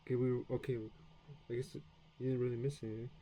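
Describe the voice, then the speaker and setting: A man's voice: medium pitch, flat delivery, quick pace, mellow, slight background noise, poor audio. A man from the United States casually talking through his beginner French practice, rambling and self-deprecating with many fillers and restarts. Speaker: language learner streaming his practice. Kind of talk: casual self-study stream, practicing French sounds aloud.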